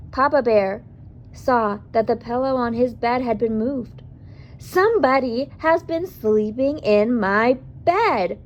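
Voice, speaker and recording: A woman reading a picture book aloud to children in an expressive way, pausing to ask the listener questions. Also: medium pitch, dull audio, slight background noise.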